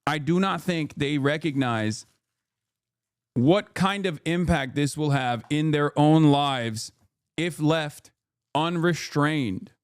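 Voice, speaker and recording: Guy streamer ranting about politics, kinda high voice, swears a lot, super dry sound. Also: slow, clear, resonant tone, dry recording. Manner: incredulous, profane, emphatic rants. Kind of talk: live stream reaction commentary.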